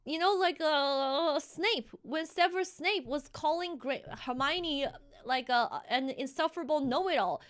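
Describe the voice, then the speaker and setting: A woman streamer talks in a high voice in a heated, animated live-stream rant. She keeps stumbling and restarting her sentences as she pushes her point. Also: measured pace.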